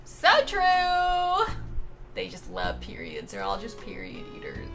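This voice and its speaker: A young woman streamer reading chat aloud in a casual, playful way, laughing often and exclaiming loudly when excited. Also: mid-range voice, slow pace. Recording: music playing behind.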